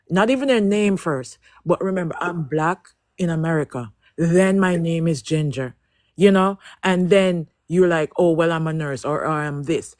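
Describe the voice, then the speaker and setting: A woman's voice: on the low side, a little mellow, no echo. A woman speaking as a panelist, emotional and heartfelt, apologizing as she goes. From Jamaica. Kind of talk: live panel discussion.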